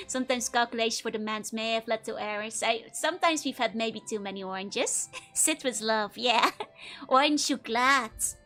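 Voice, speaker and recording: A woman's voice: on the high side, lively intonation, normal speed, bright, forceful tone, soft background music. A young woman from the Netherlands, chatting casually with viewers on a live stream, giggling constantly and teasing playfully. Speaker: VTuber streamer.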